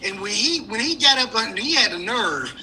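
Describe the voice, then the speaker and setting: A man's voice: high-pitched, animated, moderate pace, sharp tone, a little hiss or hum, low-quality recording. A man calling into a livestream, talking bluntly and heatedly in a slangy, casual way. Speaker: caller. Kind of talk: casual call-in chat.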